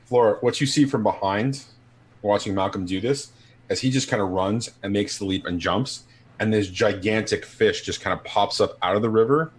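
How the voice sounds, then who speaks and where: A man running a tabletop game as game master, describing scenes in an unhurried, descriptive way. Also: fairly low pitch, breathy edge.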